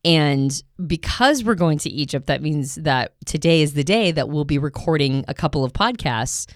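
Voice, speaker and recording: A woman co-hosting a casual podcast, talkative and animated, often laughing as she talks. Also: deep voice, normal speed, no room sound, clean studio sound. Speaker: podcast co-host.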